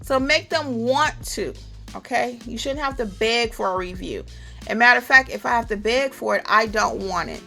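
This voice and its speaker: A woman's voice: on the high side, normal speed, vocal fry, faint music behind. A woman hosting a notary training channel, giving upbeat how-to tips in a chatty style and acting out short exchanges with clients. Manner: chatty, animated, acts out little client dialogues. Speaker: notary educator and channel host.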